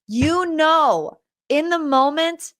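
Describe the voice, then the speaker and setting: A young woman hosting a podcast, recapping a reality TV reunion in casual, opinionated chat with animated quotes. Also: high-pitched, slow, dry recording, studio quality. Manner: chatty and opinionated, animated quoting. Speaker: podcast host.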